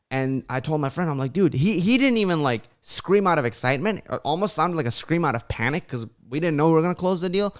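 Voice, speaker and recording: A young man hosting a casual livestream, talking loosely with lots of "like" fillers and acting out his friends' voices when he tells stories. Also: on the high side. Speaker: channel host on a livestream.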